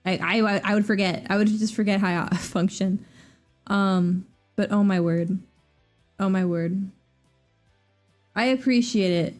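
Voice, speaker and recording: Fast-talking Southern woman streamer. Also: mid-range voice, faint music behind. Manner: fast, rambling and animated, with many fillers and restarts. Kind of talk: casual livestream chat.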